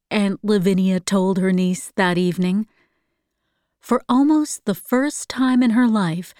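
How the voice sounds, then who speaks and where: A woman narrating a novel in a calm, measured audiobook reading. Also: mid-range voice, no echo, clean studio sound.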